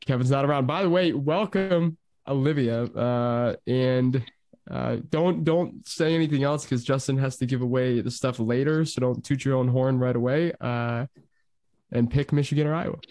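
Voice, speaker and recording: Brisk man hosting a picks show. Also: medium pitch, a little mellow, no room sound. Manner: brisk, calls on each panelist by name. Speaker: host. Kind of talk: casual podcast chat, running weekly picks.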